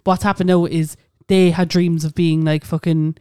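A woman's voice: fairly low pitch, flat delivery, normal speed, dark tone, clear, resonant tone, no room sound, studio quality. A young woman co-hosting a podcast in casual chat, ranting bluntly and swearing freely. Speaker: podcast co-host.

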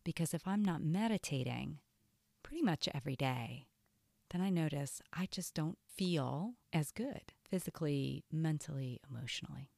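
Low creaky-voiced woman coaching. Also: lively intonation, normal speed, darkish tone, no echo, studio quality. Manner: earnest, repeats "right?" often. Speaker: self-care coach. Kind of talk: teaching talk to students.

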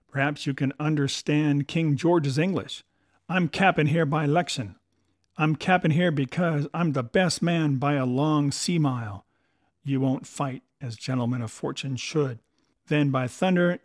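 A man voicing a menacing old pirate cook and captain, blustering in rough seafaring talk. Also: a little high, no echo, studio quality, lightly acted. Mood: scornful.

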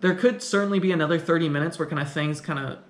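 A man's voice: a little high, fast talker. A man casually recapping and commenting on an old film, talking in a loose, rambling way with frequent restarts. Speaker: film reviewer. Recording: echoey room.

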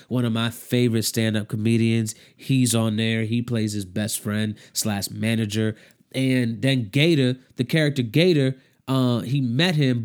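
Dude rambling about a show, lots of slang, gets choked up, keeps repeating words. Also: male voice, mid-range voice, darkish tone. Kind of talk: casual chat.

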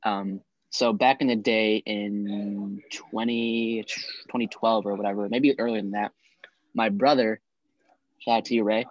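A young man from the Midwest chatting casually, laid-back and quick to laugh. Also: fairly low pitch, level tone, no room sound, muffled recording. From Chicago area, US Midwest. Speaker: grad student interviewee. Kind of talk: casual chat.

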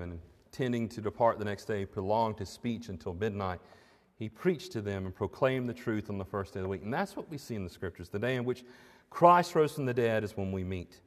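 Emphatic male preacher in a reverberant hall. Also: medium pitch. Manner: emphatic, rising to stressed peaks on key phrases. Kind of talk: sermon. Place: church hall.

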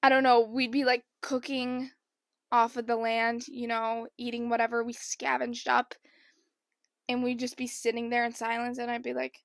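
A young woman vlogger telling a rambling, animated storytime in casual chat. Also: a little high, normal speed, gravelly, no echo, clean studio sound. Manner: chatty, rambling, animated impressions.

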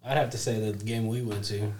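A man's voice: on the low side, steady tone, fast talker. A man chatting casually, laid-back and profane, making short remarks. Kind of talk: casual chat. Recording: noisy mic with clicks.

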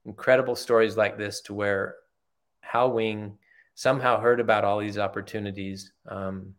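Older man, podcast guest. Earnest, heartfelt storyteller, lowish voice. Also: steady tone, normal speed. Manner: earnest, heartfelt, repeats phrases for emphasis. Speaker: podcast guest, retired executive. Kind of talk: conversational storytelling.

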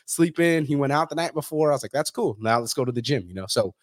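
Fast-talking blunt male podcast host. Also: mid-range voice, animated, no room sound, clean studio sound. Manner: blunt, swears freely, says "bro" and "dude". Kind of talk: casual chat.

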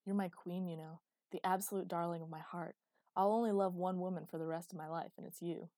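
A woman reading a teasing, flirtatious grown man, mock-romantic and deadpan, in an audiobook. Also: lowish voice, brisk, no echo, close to an everyday voice. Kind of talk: audiobook character voice.

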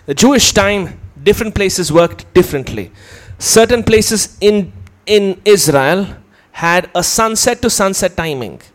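A man preaching a teaching sermon, explaining step by step and putting questions to his listeners. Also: high-pitched.

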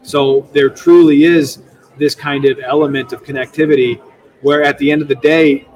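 A man's voice: a little high, normal speed, distant mic, rough recording. Young man rambling, a bit off-mic. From United States. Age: young adult. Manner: rambling, animated, with many restarts. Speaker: state legislator guest. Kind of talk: casual podcast interview.

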